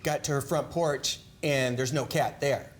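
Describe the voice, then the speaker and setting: A man's voice: medium pitch, steady tone, measured pace. A man as defendant on a TV court show, explaining his side with some hesitation. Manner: hesitant, with fillers and restarts. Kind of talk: courtroom testimony.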